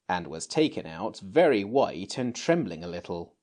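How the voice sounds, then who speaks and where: A man narrating a classic children's novel as an audiobook, in an expressive storytelling manner. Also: deep voice, unhurried. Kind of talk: scripted narration.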